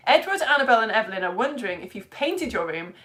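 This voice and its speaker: A woman's voice: fairly high pitch, very animated, fast talker, bright, forceful tone. A young British woman hosting a live children's science lesson, bubbly as she reads out viewers' comments and greets them by name. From United Kingdom. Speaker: science teacher.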